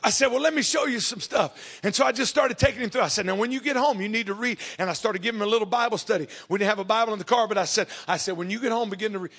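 A man preaching a sermon, telling a story and acting out both sides of a conversation, swinging from shouts to hushed tones. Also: high voice, racing, hardly any pauses, slightly rough.

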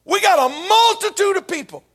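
A man preaching a sermon as pastor, swinging from hushed whispers up to shouted, tearful peaks. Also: very high voice, expressive, moderate pace.

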